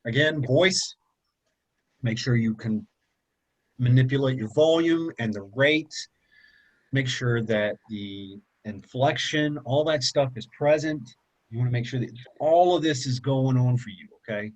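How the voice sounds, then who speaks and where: A man's voice: medium pitch, a little slow, poor audio. A man teaching a public speaking class in a casual, conversational way, often checking in with "okay?" and "right?". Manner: conversational, repeats points, asks okay and right. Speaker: college public speaking instructor.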